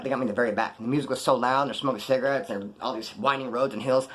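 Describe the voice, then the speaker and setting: A man's voice: medium pitch, fast, hardly any pauses. A young man telling a story in a casual monologue, full of slang and swearing, acting out what people said. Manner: profane slangy street talk, animated retelling. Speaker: vlogger telling prison and post-release stories.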